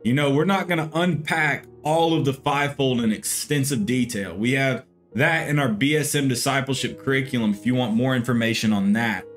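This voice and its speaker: A man's voice: mid-range voice, brisk, hardly any pauses, soft background music. A man, a pastor, teaching a Bible lesson in an earnest, conversational way. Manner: earnest, conversational, with frequent "you know".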